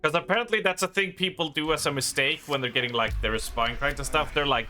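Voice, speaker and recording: A man with a Swedish accent, a gaming streamer chatting casually on stream in a rambling, self-deprecating way with halting restarts. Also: a little high, bright, forceful tone. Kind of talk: casual live-stream chat.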